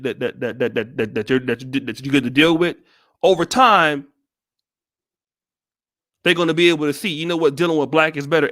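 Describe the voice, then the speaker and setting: A man's voice: on the high side, a bit bright, no echo, studio quality. An American man giving blunt, profane commentary on a live stream, with many restarts. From United States. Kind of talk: casual livestream commentary.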